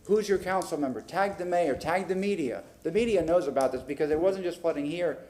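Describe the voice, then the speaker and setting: Into a desk microphone in the council chamber, a male council member airs his complaints during a public meeting. A touch high and fairly quick, he gets animated and acts out exchanges.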